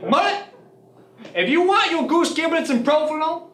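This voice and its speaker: Comic sketch: man voicing an indignant old deli man, high and wildly sing-song, roomy and distant. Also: expressive, normal speed, heavy background noise. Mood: prim. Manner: folksy storyteller drawl, prim and easily offended. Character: fussy old male deli owner, folksy and indignant. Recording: roomy sound from a distant mic.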